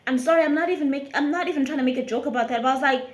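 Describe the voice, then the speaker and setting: A South African woman, a YouTuber, telling a lively storytime tale with frequent laughter. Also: high voice, rapid-fire, hardly any pauses, reverberant. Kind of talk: storytime vlog.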